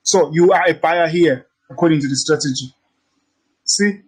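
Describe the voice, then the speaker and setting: A man with a fairly high, husky voice teaches trading at a moderate pace in an informal screen-share tutorial captured on a rough recording. His style is brash and teasing, with plenty of repetition and free swearing.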